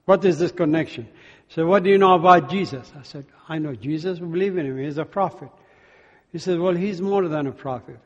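A high-pitched man shares his testimony like a sermon, voicing both sides of old conversations with animated feeling. His voice carries with a long reverb, as if spoken from the stage of a large hall. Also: fairly quick, highs cut off. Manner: animated storyteller acting out dialogue. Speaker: speaker giving testimony.

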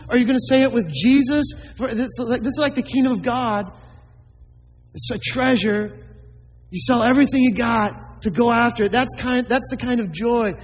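A pastor with a high voice preaches a sermon in a reverberant hall. He is emphatic and leans on rhetorical questions.

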